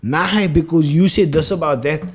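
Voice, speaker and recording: A man's voice: a little high, moderate pace, husky. A man co-hosting a casual podcast chat, rambling and repeating words as he works out a point. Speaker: podcast co-host.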